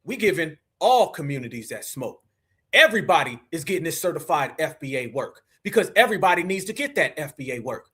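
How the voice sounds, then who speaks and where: A man hosts a live stream in a fiery, preachy tone full of slang. His voice sits high and rings bright and sharp. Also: very animated, a little fast, husky. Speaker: livestream host.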